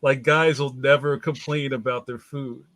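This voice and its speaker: A man's voice: medium pitch, steady tone, normal speed, a bit bright, dry recording. A man speaking as a guest in a casual chat, talking in a loose, chatty way and putting on voices in his anecdotes.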